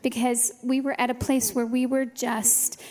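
Woman, pastor's wife, somewhat high voice, halting, emotional thanks, long hall reverb. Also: flat delivery, darkish tone. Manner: halting, repeating words, emotional. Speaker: pastor's wife addressing the church. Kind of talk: heartfelt thank-you to the congregation. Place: large church venue with a live audience.

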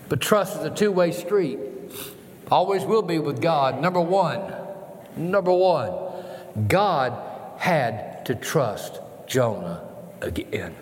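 Guest-preaching in a church sanctuary, a man with a higher voice delivers an emotional sermon, repeating words in an emphatic cadence that rises and falls. Long church reverb and faint ambience surround him, with slight background noise.

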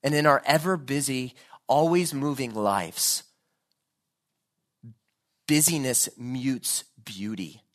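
A man's voice: medium pitch, slow, pauses often, fairly bright tone. A man preaching a sermon, earnest and building to fervent pleading.

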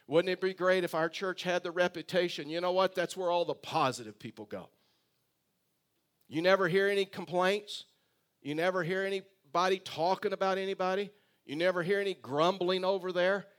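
Male pastor, sermon, chatty storyteller, slightly high voice. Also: normal speed. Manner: conversational storytelling, rhetorical questions.

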